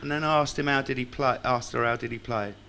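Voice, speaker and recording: A fast-talking man with a medium pitch, fairly even intonation, vocal fry and a sharp tone speaks to a live audience in a club function room. At this tribute evening he recites a tribute poem and shares wry anecdotes that poke fun at himself. There's slight background noise.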